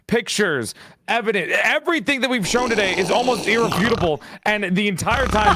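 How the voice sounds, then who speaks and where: A man's voice: high-pitched, animated, a little fast, a loud crowd. A man playing the prosecutor in a comedic mock trial, with mock-formal, grandstanding speech. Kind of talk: comedic role-play stream.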